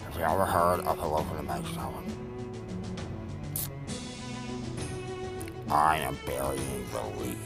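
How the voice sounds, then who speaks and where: A man's voice: rumbling low, brisk, creaky, loud music behind the voice. A man putting on a brash, foul-mouthed braggart who hurls insults and boasts. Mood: ranting. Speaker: podcast host.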